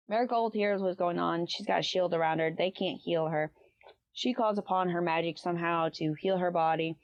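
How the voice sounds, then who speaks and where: A woman's voice: lowish voice, normal speed, no echo. Woman, book review host, casual rambling chat, dry close sound, muffled lo-fi recording. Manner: rambling retelling with many "um"s and "like"s.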